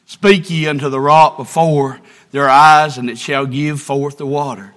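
A man's voice: on the high side, fairly even intonation, unhurried, a bit bright. A man preaching an impassioned sermon and reading scripture aloud.

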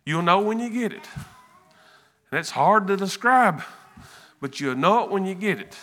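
A man giving an emotional church testimony, earnest and halting, often repeating words. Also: high-pitched, bright, forceful tone.

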